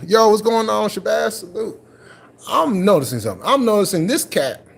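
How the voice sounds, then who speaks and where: Husky, animated man ranting on a livestream. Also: a little high. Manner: confrontational, repetitive, mocking. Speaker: livestream host. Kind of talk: live stream commentary rant.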